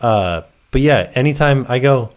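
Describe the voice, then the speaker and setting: A man's voice: mid-range voice, animated, moderate pace. A man co-hosting a casual live stream, playful and rambling, thinking aloud as he talks.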